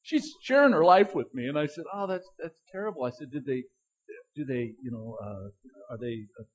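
A man's voice: medium pitch, lively intonation, normal speed, low-quality recording. A middle-aged male pastor giving a sermon, telling a story in a chatty way with chuckles and stressing each word in scripture lists.

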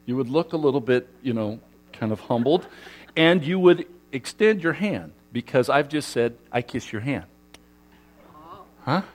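Animated man joking with an audience. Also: medium pitch, normal speed. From Southern California. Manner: playful, asks the audience questions and jokes with them. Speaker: speaker addressing a congregation. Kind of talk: lively talk to a live audience.

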